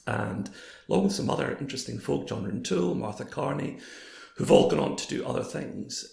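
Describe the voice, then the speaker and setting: Man, fifties, hoarse, gravelly fry, anecdotal interview guest, echoey room. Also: medium pitch, a little fast. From Scotland. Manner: anecdotal, quoting others in lively voices. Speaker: guest, former broadcaster. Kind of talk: storytelling in a casual interview. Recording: roomy echo.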